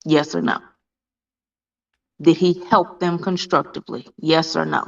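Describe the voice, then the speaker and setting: Low gravelly woman, pointed questions. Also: fairly even intonation, unhurried. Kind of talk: commentary. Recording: dull lo-fi recording.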